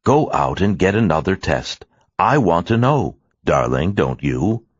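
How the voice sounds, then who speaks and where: A man's voice: sits low, big pitch swings, a little slow, slightly rough, dry recording, full character voice. A man voicing an eager, insistent man in love who pleads and presses, in a dry, slightly muffled studio recording.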